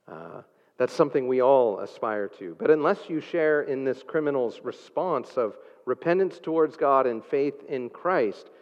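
A man's voice: medium pitch, lively intonation, unhurried. A man preaching a sermon, earnest and emphatic, with frequent filler sounds. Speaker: pastor. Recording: dull sound with long hall reverb.

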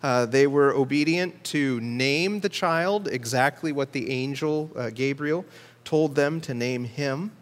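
A man preaching a sermon in a steady, teaching manner, slowing down to stress key words. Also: medium pitch, in a large hall. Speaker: pastor.

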